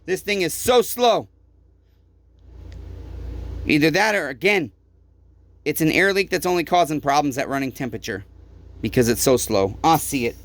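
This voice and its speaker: A tired, fed-up man who runs a small repair shop rants angrily to the camera in his workshop, swearing constantly. His voice is fairly high and animated, at a moderate pace with long pauses.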